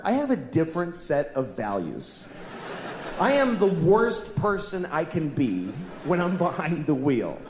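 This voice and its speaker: A man doing stand-up, musing confessionally, then erupting into shouted outbursts. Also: sits high, reverberant, a little hiss or hum. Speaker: stand-up comedian. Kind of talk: stand-up set.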